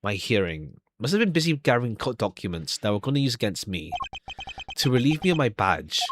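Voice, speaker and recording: A man's voice: medium pitch, very animated, a little fast, fairly bright tone, slight background noise. Man voicing a haughty, evasive accused official. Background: background music.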